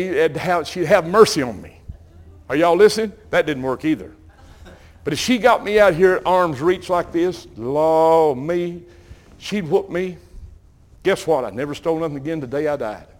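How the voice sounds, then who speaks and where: An older man with a Southern US accent, preaching and telling folksy, animated stories while calling out to the congregation. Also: a little high. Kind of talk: sermon storytelling.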